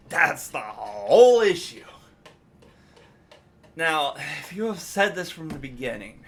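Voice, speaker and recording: Slow-talking man reacting to clips. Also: medium pitch, a bit bright. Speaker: commentary host.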